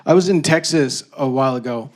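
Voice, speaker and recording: A Canadian man in his thirties does stand-up on stage into a handheld mic, telling stories in an animated way and jumping into loud acted-out voices. His voice is mid-range and his delivery brisk.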